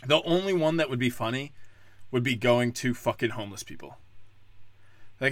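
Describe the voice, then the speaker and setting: Podcast host, male, profane sarcastic ranter with a forceful bright tone and a dry sound. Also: mid-range voice, normal speed, long pauses, no echo. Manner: crude, profane, sarcastic ranting. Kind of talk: comedic rant monologue.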